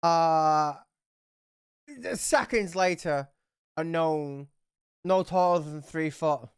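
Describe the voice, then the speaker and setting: A woman's voice: sits low, drawn-out words, clear, resonant tone, no echo, clean studio sound. A woman running a tabletop game livestream, chatty and swearing freely as she narrates. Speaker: game master.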